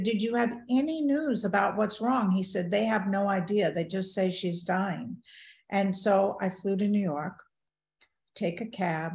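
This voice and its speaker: An older woman giving a talk, earnestly telling a personal story and acting out the dialogue. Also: mid-range voice. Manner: earnest, quotes dialogue in a lively retelling. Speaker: guest speaker. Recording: echoey room.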